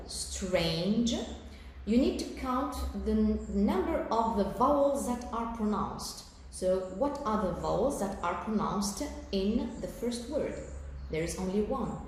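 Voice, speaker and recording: Algerian-accented woman teacher, mid pitch, patient lesson delivery, faint hiss behind. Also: darkish tone. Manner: slow, careful explanations with fillers and check-in "okay?". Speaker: English teacher. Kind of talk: recorded televised lesson. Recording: very echoey room with faint background noise.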